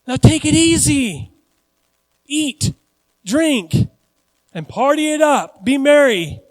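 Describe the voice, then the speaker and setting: A man's voice: very high-pitched, sing-song, slow, pitched above the performer's own voice, full character voice. A man voicing a smug, self-satisfied rich farmer who hoards his goods, in a boastful tone. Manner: boastful, pleased with himself. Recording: long church hall reverb.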